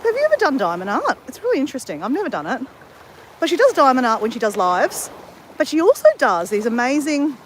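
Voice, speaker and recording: Speaking to her livestream audience outdoors on a beach, an Australian woman rambles casually and keeps correcting herself. Her voice is on the high side, and a little hiss or hum runs under the audio.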